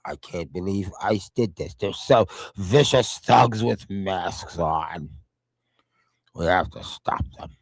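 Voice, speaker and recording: A man's voice: deep voice, no echo, voice pushed down, exaggerated voice, rough recording. A man doing a glum droning politician. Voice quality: slow, drawling, flat and glum. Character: mopey, droning male politician in a cartoonish low voice. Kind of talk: mocking impression.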